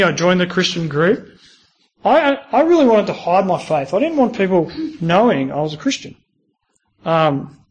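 A man preaching to university students in a conversational, personal way, often asking them questions. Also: sits high. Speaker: speaker at a university Christian group. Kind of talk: sermon.

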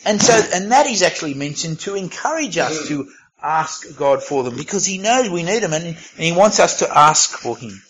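A man's voice: on the high side, very animated, normal speed, a bit bright, rough recording. A man preaching a sermon in a conversational way, reading scripture and adding casual asides. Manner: conversational, reads scripture aloud, self-aware asides.

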